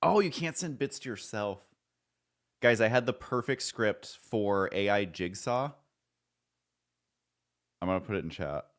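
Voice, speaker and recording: Deep-voiced man rambling on a stream. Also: animated, unhurried, long pauses. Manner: rambling, self-deprecating, swears casually. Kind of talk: casual live-stream chat.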